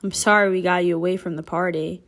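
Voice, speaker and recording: A woman's voice: on the low side, fairly even intonation, fast talker, creaky, a bit bright. A woman voicing a nervous, urgent teenage boy on the run in a novel.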